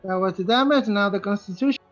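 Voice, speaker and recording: A man playing in a tabletop game, reacting excitedly and announcing his moves. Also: high voice, fast, muffled recording, soft background music. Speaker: player. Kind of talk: casual tabletop game play.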